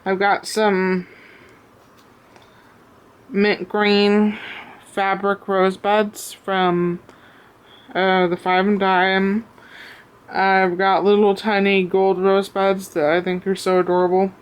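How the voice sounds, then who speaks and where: A woman showing off a craft piece she made, talking out of breath, with many pauses and ums, recorded on a camera on a tripod at home. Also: medium pitch, flat delivery, clear, resonant tone. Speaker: crafter showing her work. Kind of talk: casual show-and-tell.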